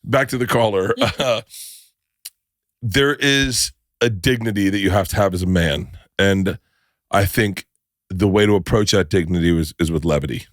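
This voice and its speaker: A lower-voiced man, chatty and rambling. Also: moderate pace, a bit bright, no echo, clean studio sound. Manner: rambling, repeats himself, swears casually. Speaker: co-host, husband. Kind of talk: casual podcast chat.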